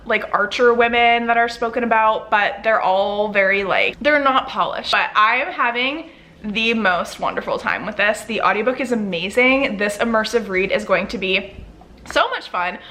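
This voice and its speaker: Lively, bright-voiced young woman chatting about books. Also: medium pitch, normal speed. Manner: chatty and gushing, many "like" fillers. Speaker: book vlogger. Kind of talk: casual chat to camera.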